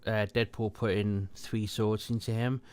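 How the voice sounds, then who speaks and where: A man's voice: on the low side, flat delivery, measured pace, a little mellow, clear, resonant tone. An English man hosting a casual film review podcast, recapping the plot with plenty of ums.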